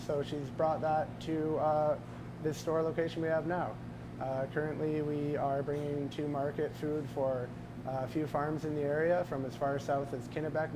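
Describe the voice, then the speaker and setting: A man working as lead farmhand at a farm-to-table restaurant, explaining things in a hesitant way with many fillers. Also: on the high side. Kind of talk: casual interview answers. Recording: noisy room with air conditioning hum.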